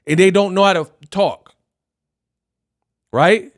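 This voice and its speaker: A man's voice: sits high, slow. A man hosting a live stream, ranting animatedly in casual talk and laughing often. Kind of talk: casual reaction rant.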